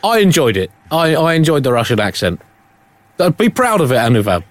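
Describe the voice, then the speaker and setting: A man's voice: fairly high pitch, very animated, a little fast, dry recording. Guy hosting a satire podcast, dry close mic, ums and uhs then the zinger. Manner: wry, hesitant, full of ums and uhs before punchlines. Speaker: comedy podcast host. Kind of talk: satirical comedy monologue.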